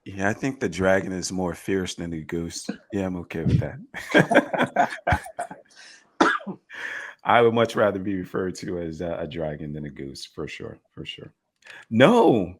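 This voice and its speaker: Low-voiced man hosting a crypto chat. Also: a little slow. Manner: upbeat, running the segments. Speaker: co-host. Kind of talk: casual panel chat.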